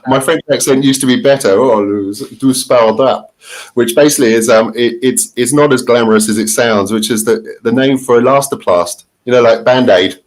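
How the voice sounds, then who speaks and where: A man's voice: mid-range voice, fairly even intonation, brisk, hardly any pauses. Chatty laughing man in an interview. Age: middle-aged. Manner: chatty, laughs often, many restarts. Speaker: interview guest, marketing consultant. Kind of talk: casual interview answers.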